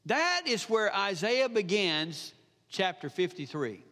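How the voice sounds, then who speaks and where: A man's voice: sits high, big pitch swings, moderate pace, sharp tone. A male pastor, preaching a sermon emphatically, repeating phrases and asking the congregation questions. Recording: long hall reverb.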